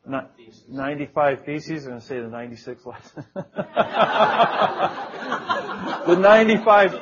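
A man's voice: medium pitch, lo-fi sound. A man preaching a sermon in an earnest, conversational way, with small jokes and prayerful quotes.

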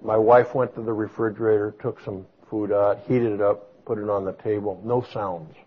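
A man preaching a sermon, swinging from booming exclamations to soft storytelling. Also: steady tone, normal speed, slight background noise. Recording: dull lo-fi sound.

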